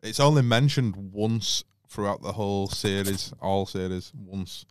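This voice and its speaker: A man's voice: lowish voice, unhurried, a little hiss or hum. A man with a Yorkshire accent, chatting casually with friends on a podcast and teasing them with quiz questions. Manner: teasing, quizzes the others. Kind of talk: casual banter among friends.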